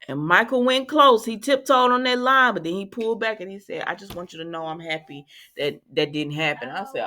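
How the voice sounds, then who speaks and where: A woman hosting a casual soap opera recap, chatting and acting out the characters' lines with lively reactions. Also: medium pitch, brisk, hardly any pauses. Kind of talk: casual chat.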